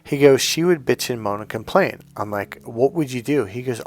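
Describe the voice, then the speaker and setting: A man's voice: mid-range voice, brisk, few pauses, darkish tone. A middle-aged man talking as a dating coach in a blunt, profane, emphatic monologue, telling stories and acting out the people in them. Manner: blunt, profane, emphatic, tells anecdotes with quoted voices. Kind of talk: casual monologue.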